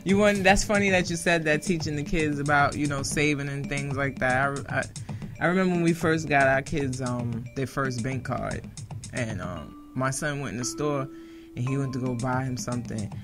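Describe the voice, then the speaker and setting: A woman's voice: a bass voice, normal speed, over music. A woman in a casual roundtable discussion, rambling and correcting herself as she tells stories. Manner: rambling, self-correcting storyteller.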